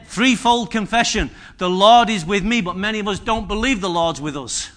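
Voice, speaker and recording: Bright, high-voiced male preacher. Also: normal speed. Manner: humorous, conversational preaching with repetition and asides to the congregation. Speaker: pastor. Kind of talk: sermon. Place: church service.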